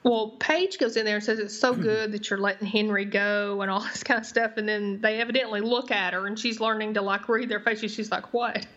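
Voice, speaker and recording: A woman's voice: medium pitch, fairly even intonation, fairly quick, few pauses, a bit bright. A woman co-hosting a casual TV recap podcast, talking in a hesitant way with lots of "I mean" and "I don't know". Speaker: podcast co-host. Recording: dull lo-fi podcast audio.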